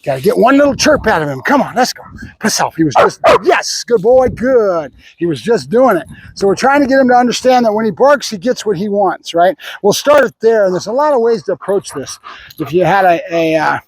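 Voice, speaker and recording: A man's voice: high-pitched, big pitch swings, fast, slightly rough, no echo. A man training his dog, explaining steps and repeating short praise and commands in a casual hands-on demo, outdoors.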